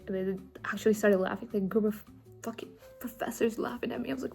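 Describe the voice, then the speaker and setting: A woman's voice: mid-range voice, fairly even intonation, fast talker, creaky, a little mellow. A young woman from India talks casually to her viewers in a late-night chat. Her accent is mixed and only partly Indian. She laughs often as she goes, with faint music underneath. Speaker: vlogger.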